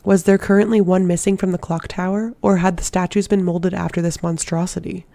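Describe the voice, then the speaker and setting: Gravelly-voiced fantasy audiobook narrator. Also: medium pitch, no room sound. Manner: steady, measured narration. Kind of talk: fan audiobook reading of a fantasy novel.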